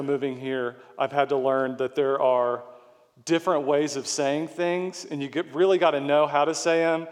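A middle-aged male pastor delivers a sermon, earnest and explanatory, leaning on repeated words for emphasis. His voice sits a little high for a man. The sound carries a long reverb, as in a church hall.

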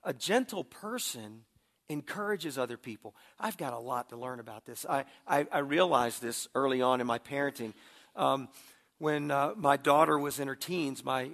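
Middle-aged man, pastor; conversational sermon, gravelly mid-pitched voice, stumbles on starts. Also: a bit bright. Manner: conversational, repeats words when starting sentences.

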